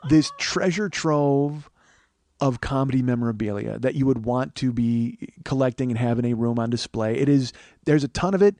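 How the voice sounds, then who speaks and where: A man's voice: medium pitch, moderate pace, dark tone, no room sound. A man in his forties, a comedian hosting a podcast, telling a story in a profane, rambling, ranting way. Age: 40s. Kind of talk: casual comic storytelling.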